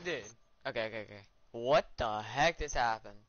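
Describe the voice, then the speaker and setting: A man's voice: medium pitch, normal speed, fairly bright tone. A young man in casual chat while gaming, laid-back and teasing, laughing often. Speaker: gamer. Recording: lo-fi game chat with noise.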